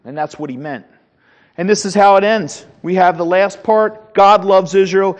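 A man's voice: sits high, moderate pace. A man teaching a Sunday school Bible lesson, talking emphatically and often repeating words as he finds his phrasing, in a church room. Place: church classroom. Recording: dull, reverberant hall recording.

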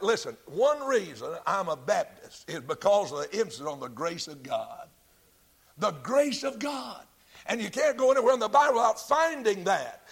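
Male Baptist preacher, high voice, emphatic, repeats key lines. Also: a bit bright. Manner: emphatic, repeats key phrases, drawn-out stresses. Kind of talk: sermon.

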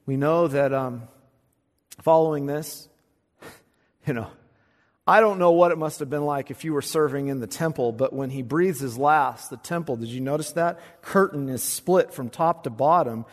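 A man preaching an expository sermon, swinging from quiet, low asides to loud, fervent recitation of scripture. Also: normal speed. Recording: long hall reverb.

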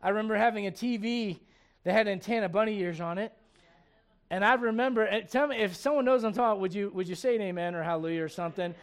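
A man in his forties preaching a sermon, animated, asking the congregation questions and acting out the voices he quotes. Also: high-pitched, quick pace, clear, resonant tone.

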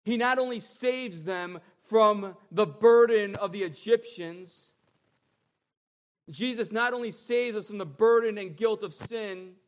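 A man delivering a sermon from the pulpit, his voice sitting a little high for a man. He leans hard on key phrases and stretches them slowly. Then he drops to quieter, lower lines. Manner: emphatic, drawn-out repeated phrases, shifting between loud and soft. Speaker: pastor.

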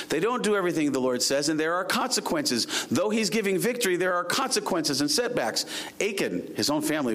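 A man preaching a sermon, his voice sitting a little high. He reads scripture aloud at a slow, deliberate pace and presses his points with earnest, rising emphasis. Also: fairly bright tone. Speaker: pastor.

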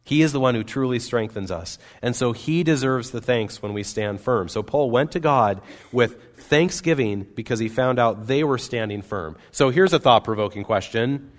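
A man preaching a sermon as pastor, earnest and emphatic, with wide swings between loud and soft. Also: medium pitch, normal speed, hardly any pauses. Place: church sanctuary. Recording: long reverb of a church hall.

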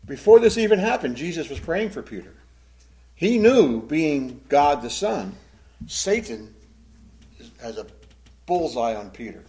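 A man teaching a Bible class as a pastor, emotive, swinging between loud emphasis and hushed, sad tones. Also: a little high, sing-song, unhurried, long pauses, poor audio.

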